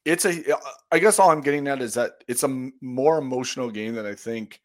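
Chatting casually as a podcast co-host, a man talks a little fast in a mid-range voice. He comes across thoughtful but rambling, with plenty of fillers and restarts.

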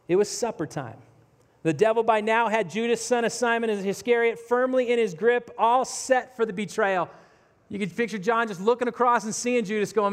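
A man's voice: high-pitched, fairly quick. A man preaching a sermon, retelling a story vividly and speaking directly to his listeners. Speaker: pastor. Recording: long reverb of a large hall.

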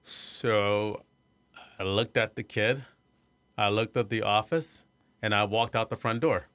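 A middle-aged man from Iowa telling a personal story in an interview, soft-spoken and hesitant, with many fillers and restarts. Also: on the low side, slow pace, smooth, no room sound. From Iowa, USA. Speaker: arts center executive director.

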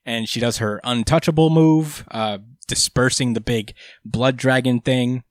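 A man's voice: medium pitch, steady tone, measured pace, dry recording, clean studio sound. A young man co-hosting a casual podcast, recapping a manga chapter in a rambling way with lots of fillers. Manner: rambling, filler-heavy retelling. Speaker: podcast co-host.

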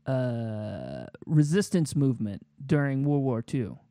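A man improvising a silly film pitch in casual chat, halting with many fillers and restarts. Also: sing-song, vocal fry, dark tone, no echo, clean studio sound.

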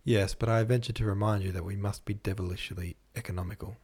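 A man's voice: fairly low pitch, fairly even intonation, fast, a little mellow, husky. A man voicing a kindly young man who speaks in light, mock-formal banter. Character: wry, kindly young man, gently ironic.

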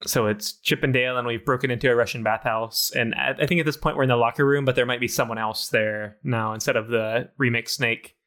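A man's voice: mid-range voice, fairly even intonation, brisk, few pauses, a bit bright. Rambling, laughing man chatting. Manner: hesitant, rambling, laughing often. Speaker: improv comedy podcast player. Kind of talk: casual chat.

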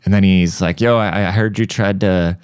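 A man's voice: low voice, fairly even intonation, normal speed, smooth, no room sound. A man hosting a podcast, telling casual, profane, rambling comic stories and breaking into beat sounds now and then. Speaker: podcast host. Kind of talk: casual comedic storytelling. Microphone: studio podcast mic.

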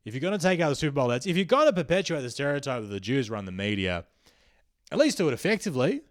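A man's voice: mid-range voice, very animated, quick pace. Man, young adult, comedy podcast host, satirical rant, rambling and punchy. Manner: rambling, riffing, with bursts of loud emphasis.

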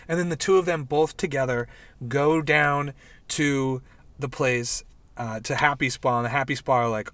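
Casting: young male podcast host, dry close sound, animated rambling recap with swearing. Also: mid-range voice, moderate pace, no room sound. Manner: rambling, profane, animated retelling with quoted voices. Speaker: podcast host reviewing a show. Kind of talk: casual chat.

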